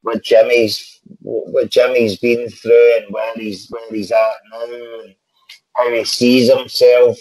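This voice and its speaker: A man's voice: medium pitch, little pitch movement, slow, a little mellow, poor audio. A middle-aged Scottish actor, a guest in a casual podcast interview, who talks with energy, repeats phrases and often ends lines with "man".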